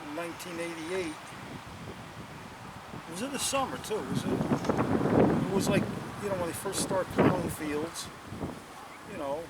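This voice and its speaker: An interviewee with a fairly high voice tells a long local story near a bonfire at night, speaking a little slowly with long pauses. He rambles casually, full of "you know" and restarts. The mic is distant, and wind and outdoor noise are loud.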